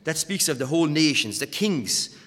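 A man preaching a sermon who stumbles over repeated words and surges louder on key points. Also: fairly high pitch, animated, moderate pace, big-room sound.

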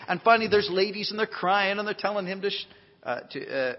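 A man preaching a sermon, swinging from quiet folksy asides to emphatic near-shouts, with self-deprecating humor. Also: high voice, expressive, fairly quick. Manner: emphatic, rising to near shouts on key phrases. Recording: dull lo-fi recording in a long-reverb hall.

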